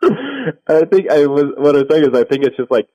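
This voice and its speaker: A man's voice: fairly high pitch, big pitch swings, brisk, no room sound, lo-fi sound. A man co-hosting a podcast, chatty and supportive in casual conversation. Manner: chatty, supportive, easy-going. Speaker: podcast co-host. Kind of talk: casual chat.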